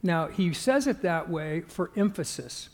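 A male pastor giving a conversational sermon, halting with fillers and restarts and growing more emphatic as he goes. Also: high-pitched, lively intonation, darkish tone, in a large hall.

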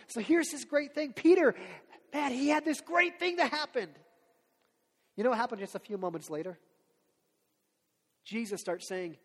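Male pastor, high voice, chatty animated sermon, long hall reverb. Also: normal speed. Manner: conversational, animated storytelling.

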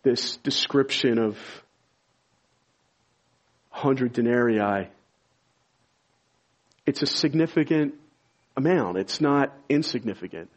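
Husky-voiced man preaching a sermon. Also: slow, long pauses. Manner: rises to loud, high-pitched emphasis when stirred. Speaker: pastor.

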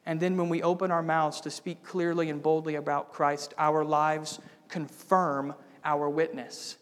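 A man's voice: on the high side, level tone, a little slow. A man preaching a sermon as pastor, building to bold, emphatic declarations. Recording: long reverb of a church hall.

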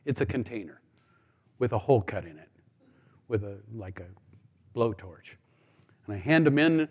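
A man's voice: fairly low pitch, animated, moderate pace, darkish tone, slightly rough. A middle-aged man giving a sermon testimony, telling stories and acting out the dialogue with humor. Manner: storytelling, acts out dialogue with humor. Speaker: guest speaker. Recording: long hall reverb.

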